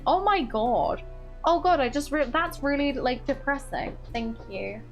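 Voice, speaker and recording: A woman streaming a game, chatting casually and reading dialogue aloud in a giggly, playful, excitable way. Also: high voice, moderate pace, soft background music.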